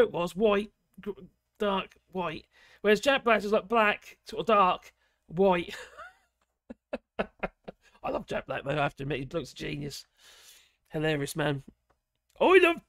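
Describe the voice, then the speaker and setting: A man's voice: sits high, fairly bright tone, dry recording, studio quality. A middle-aged man with a giggly, self-mocking manner, chatting casually as host of a live stream. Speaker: livestream host.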